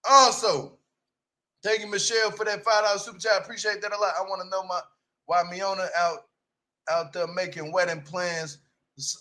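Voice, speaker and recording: A high-pitched man with a sharp, bright edge roasts reality show cast members in casual slang. He talks bluntly and heatedly, jumping from loud outbursts to low mutters. He mocks the people he talks about. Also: little pitch movement, moderate pace. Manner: swings loud and quiet, mock-imitates cast members. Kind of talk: casual reaction commentary.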